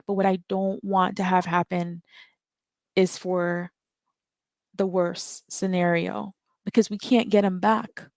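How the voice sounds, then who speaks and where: A woman's voice: on the low side, flat delivery, slow pace, gravelly, a little mellow, no echo. A woman calling into a live audio chat, talking earnestly and emotionally and repeating her words when stirred. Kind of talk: impassioned call-in talk.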